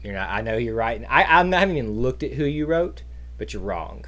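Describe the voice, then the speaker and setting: A man's voice: mid-range voice, big pitch swings, fairly quick, sharp tone. Rambling male trivia host. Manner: rambling, goes on tangents. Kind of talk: casual live-stream chat.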